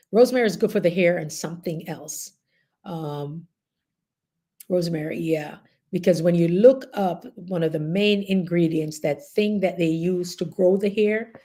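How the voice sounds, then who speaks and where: A middle-aged woman with a Jamaican accent, chatting casually as host and telling stories with laughter. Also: fairly low pitch. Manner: animated, laughing, chatty storytelling. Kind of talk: casual group chat.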